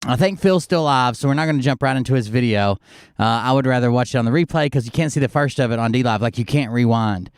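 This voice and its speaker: A man's voice: medium pitch, quick pace, smooth, dry recording, studio quality. A man hosting a live stream, rambling casually with lots of fillers and swearing, a little sick. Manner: loose, profane, filler-heavy. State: slightly sick. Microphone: close desk mic.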